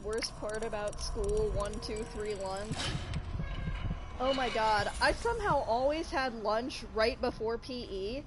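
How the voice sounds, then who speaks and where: A woman's voice: on the high side, a little slow. A woman co-hosting a gaming stream, chatting casually and telling stories about school. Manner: chatty, animated storytelling. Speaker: co-host of a gaming channel. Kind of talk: casual chat while gaming. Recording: background noise.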